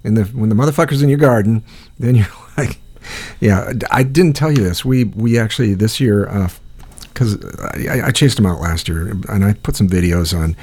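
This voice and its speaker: A man's voice: on the low side, normal speed, darkish tone, breathy edge. A man from Iowa co-hosting a casual chat, rambling and profane, telling stories with frequent restarts.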